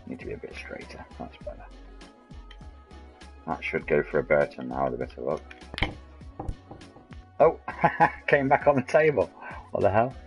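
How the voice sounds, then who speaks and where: This is a man in his forties with a very deep, low voice. He chats to his stream's viewers in a loose, rambling, matey way while he plays. Soft music sits faintly behind him. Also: huge pitch swings, normal speed, gravelly, pauses often, highs cut off. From England. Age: 40s. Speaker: game streamer. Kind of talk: casual live-stream chat.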